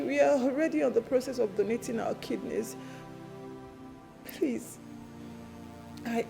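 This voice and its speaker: A frail young Nigerian woman who pleads slowly through tears. Her voice sits fairly high, with a gravelly fry and an unhurried pace. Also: poor audio. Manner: slow, pleading, tearful. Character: gravely ill young woman, weary and tender. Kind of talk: film drama dialogue.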